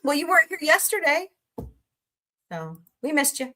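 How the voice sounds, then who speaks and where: A woman's voice: a little high, animated, slow pace, long pauses. A woman hosting a casual live stream, chatting and joking with viewers about movies and reading their comments. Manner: chatty, jokey, reads and answers viewer comments. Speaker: livestream host.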